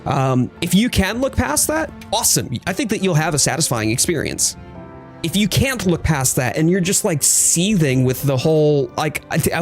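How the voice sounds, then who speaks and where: A man streaming a game, chatting casually and thoughtfully with his viewers while he plays. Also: fairly high pitch. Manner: thoughtful, hedging, reads chat aloud. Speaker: gaming streamer. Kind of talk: casual live-stream chat.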